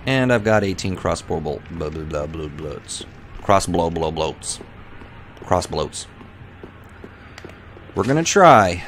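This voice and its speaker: A man's voice: deep voice, very animated, takes it slowly, pauses often, a bit bright, slight background noise. A man giving live gameplay commentary as a streamer, jittery and panicky, talking to himself and to the game. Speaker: let's play livestreamer.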